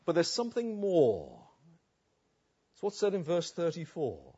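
A man delivers a sermon in an expressive way, slowing down for emphasis and then hurrying through asides. His voice sits a little high and sounds a touch husky. The recording is somewhat dull and muffled. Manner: expressive, varied delivery with slow emphatic pauses. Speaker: preacher.

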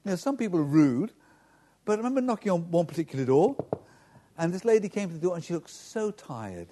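Pastor man preaching, high voice that jumps around a lot, kinda mellow tone. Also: sing-song, a little fast, a little hiss or hum. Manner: earnest, direct preaching to the congregation. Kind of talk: sermon.

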